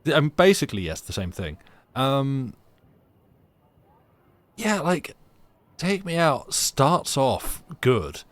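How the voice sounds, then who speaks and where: A man's voice: medium pitch, big pitch swings, takes it slowly, pauses often, no room sound. A young British man streaming a game, chatting sarcastically and reading game text aloud. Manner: sarcastic, rambling, laughs often.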